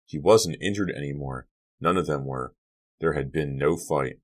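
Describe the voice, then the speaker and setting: A man's voice: a bass voice, moderate pace. A man reading a teen horror novel aloud as an audiobook narrator, lifting his voice for the characters' lines.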